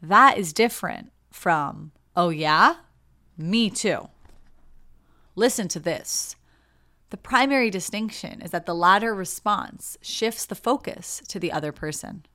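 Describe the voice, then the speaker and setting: A woman's voice: mid-range voice, animated, unhurried, bright, forceful tone. A young woman hosting a podcast, reading a book passage aloud and then reflecting on it earnestly, acting out the quoted replies as she goes. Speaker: podcast host.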